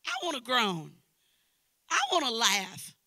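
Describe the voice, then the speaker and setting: An older woman from Knoxville, Tennessee, with an East Tennessee Southern accent, preaching a church sermon with emphatic repetition that swings from loud to hushed. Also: fairly high pitch, very animated, slow pace, dry recording. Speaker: guest preacher. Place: church service.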